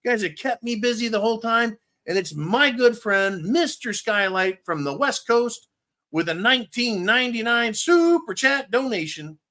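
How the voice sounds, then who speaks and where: A man's voice: very high-pitched, animated, normal speed, pushed and bright. A man hosting a live-stream show, talking bluntly and profanely in a casual rant, a little tongue-tied after a couple of drinks. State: slightly tipsy, tongue-tied. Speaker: livestream host.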